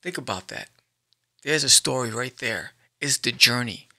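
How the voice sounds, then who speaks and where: A man hosting a podcast, giving an animated motivational talk straight to the listener and acting out little scenes. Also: mid-range voice, normal speed. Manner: animated, addresses listener directly, acts out scenes. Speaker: podcast host. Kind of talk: motivational monologue.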